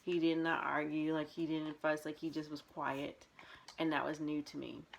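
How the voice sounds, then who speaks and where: A woman's voice: deep voice, little pitch movement, normal speed, creaky, slight background noise. A young woman vlogging, telling a personal story in a candid, rambling way with many fillers and restarts.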